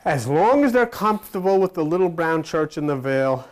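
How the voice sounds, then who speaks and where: A male preacher delivering a loose, conversational sermon, his voice leaping up and down in pitch. He tells stories with gusto, slipping into quoted characters and even croaking like a frog. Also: moderate pace. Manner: animated, folksy storytelling with sudden pitch swings. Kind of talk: informal sermon.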